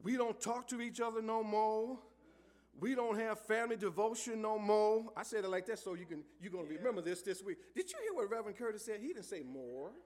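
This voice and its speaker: A high-voiced male preacher delivers a sermon in a church. He moves between soft, low lines and sudden loud calls to the congregation, asking them for amens in a call-and-response rhythm. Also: animated, brisk. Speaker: pastor. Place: church sanctuary.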